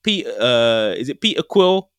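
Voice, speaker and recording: A young man co-hosting a laid-back podcast, talking with an animated voice that swings up and down. He sounds playful and relaxed. The recording is close and dry. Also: mid-range voice, a little slow, smooth, dry recording. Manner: animated, laughing, mimics voices for jokes. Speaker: podcast co-host. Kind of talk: casual chat.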